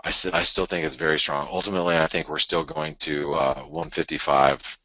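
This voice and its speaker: A man hosting a live forex show, walking through price charts in an animated, restless way, often restarting sentences and arguing with imagined viewers. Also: a bass voice, fairly quick, no echo, low-quality recording. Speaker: forex market show host. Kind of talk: live trading chart analysis.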